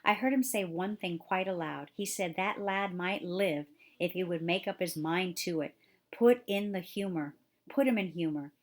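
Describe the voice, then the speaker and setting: A woman's voice: on the low side, normal speed, natural voice. Woman voicing a fretful sickly boy. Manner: restless, cross, self-pitying. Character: sickly, fretful young rich boy, bedridden.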